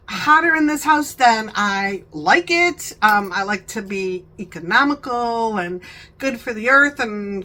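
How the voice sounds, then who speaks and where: A woman's voice: a little high, bright, forceful tone, poor audio. A talkative woman hosting a home vlog, rambling chattily and laughing often. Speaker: vlogger, channel host.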